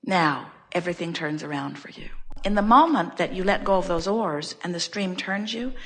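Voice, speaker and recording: Bright-voiced woman giving an emphatic spiritual talk. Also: fairly low pitch, normal speed. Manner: animated storyteller acting out everyday scenes; emphatic, repeating key phrases. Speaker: inspirational speaker. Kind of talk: spiritual teaching talk to an audience.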